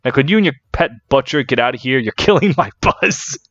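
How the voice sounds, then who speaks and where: A man's voice: mid-range voice, expressive, brisk, fairly bright tone, no echo, muffled recording, natural voice. A man voicing a rude, drunken young male mercenary who talks in a dismissive, mocking way.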